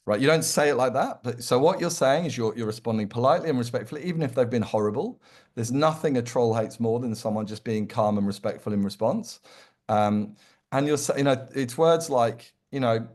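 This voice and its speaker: A man speaking as an interview guest, giving practical advice with energy and emphasis. He slips into little acted-out quotes to make his points. His voice sits at an ordinary pitch for a man. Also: brisk. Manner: animated, emphatic, acts out quoted lines. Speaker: employer brand consultant, guest. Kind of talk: conversational interview answer.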